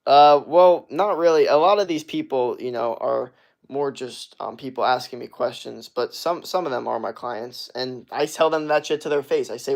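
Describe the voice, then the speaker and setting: A man's voice: medium pitch, normal speed, vocal fry. A man, an online fitness coach, ranting bluntly and profanely on a livestream with many fillers while answering chat.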